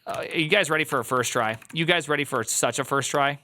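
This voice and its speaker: A man's voice: on the high side, fast talker, bright, forceful tone. A man streaming live while coding, talking to his chat in an exasperated, rambling way.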